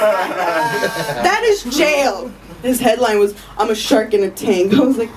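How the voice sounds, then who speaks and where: A woman's voice: mid-range voice, big pitch swings, a little slow, distant mic, slight background noise, rough recording. A woman doing a stand-up comedy set at a live show, brash and profane, often laughing at her own jokes. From Armenian family.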